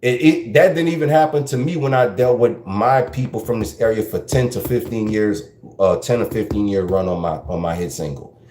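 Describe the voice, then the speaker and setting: The host has a fairly low, darkish voice with a South Louisiana Creole accent and talks at normal speed in an echoey room. His podcast monologue is casual and wandering, peppered with Creole French phrases.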